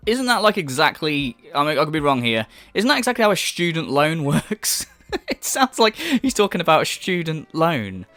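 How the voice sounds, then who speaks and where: A man's voice: fairly high pitch, sing-song, normal speed, a bit bright, no room sound, faint music behind. A man hosting a commentary rant, profane and mocking, sarcastic about the person he is discussing. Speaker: commentary channel host.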